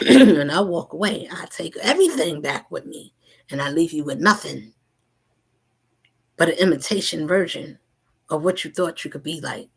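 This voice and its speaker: A woman delivering a spiritual message in a rhythmic, repetitive way, slipping between whispers and loud asides. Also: low voice, expressive, normal speed, creaky, pauses often, slightly rough. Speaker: spiritual channel host.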